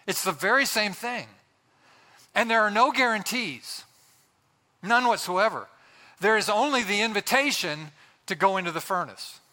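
Bright-voiced preacher in a reverberant hall. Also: male voice, sits high, lively intonation. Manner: impassioned preaching with dramatic pauses. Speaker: pastor. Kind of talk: sermon.

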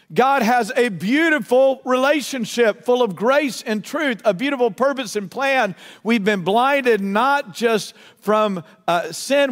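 A male pastor preaching a sermon in a church, fervent, stacking emphatic repeated phrases and then easing into soft, slow passages. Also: sits high. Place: church sanctuary. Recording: long reverb of a large hall.

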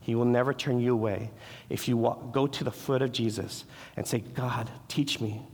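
A man's voice: medium pitch, steady tone, brisk, a little mellow. A man preaching a sermon as pastor, earnest, restarting his words and acting out the quoted voices. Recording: long hall reverb.

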